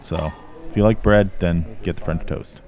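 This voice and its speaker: Deep, mellow man doing voice-over. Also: moderate pace. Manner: relaxed, offhand, candid asides. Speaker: travel vlogger. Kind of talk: voice-over commentary.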